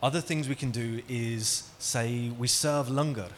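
A man gives a talk in a hall, speaking at a middle pitch and often turning to his listeners with questions. The recording carries a faint hum of room noise. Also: a little slow. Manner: engaging, asks the audience questions. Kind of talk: interactive talk to an audience. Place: hall with an audience.

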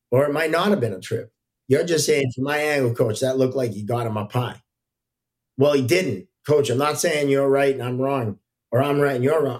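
A middle-aged man chats as a podcast guest, telling long referee stories in an easygoing, rambling way. His voice sits at an ordinary middle pitch, and he pads his thoughts with plenty of casual fillers. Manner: relaxed, anecdotal, frequent fillers.

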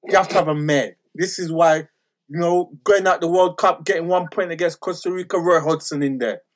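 A man, hosting a football chat with a high, light voice. He talks in a laid-back, slangy way and chuckles between lines. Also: steady tone, fairly quick. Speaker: podcast host.

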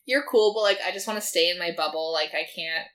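A woman's voice: lowish voice, quick pace, fairly bright tone. A young woman in casual chat, recapping a TV episode in a filler-heavy way and quoting the characters in her own voice. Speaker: podcast co-host.

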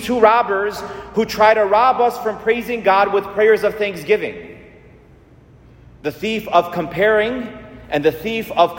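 A man preaching an earnest, repetitive sermon as a Catholic priest in a church. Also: high voice. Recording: echoey church with long reverb.

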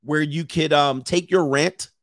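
A man's voice: fairly high pitch, steady tone, measured pace, dry recording, clean studio sound. A middle-aged man hosting a casual stream, reading viewer comments and giving blunt, rambling opinions.

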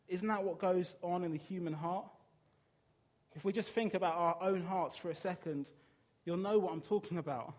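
A man's voice: high voice, moderate pace, darkish tone. A man preaching a sermon in an earnest, emphatic way, putting rhetorical questions to his listeners.

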